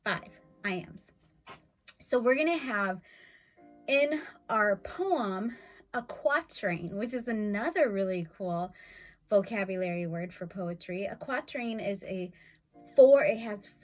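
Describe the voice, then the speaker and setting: A woman teacher walks through a video lesson, upbeat and explanatory. She speaks slowly and deliberately, counting out beats. A faint music track plays softly underneath her voice. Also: medium pitch, lively intonation. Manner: clapping out syllables, upbeat and explanatory.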